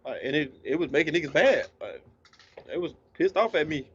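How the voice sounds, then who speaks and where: A man's voice: fairly high pitch, expressive, brisk, husky. A man talking as a guest DJ in a casual interview, laid-back and slangy, sometimes eating while he talks. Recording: slightly dull lo-fi sound.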